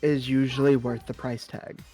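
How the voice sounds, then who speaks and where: A man acting as game master, narrating a tabletop role-playing game in a relaxed, laid-back way. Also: mid-range voice, normal speed, faint music behind.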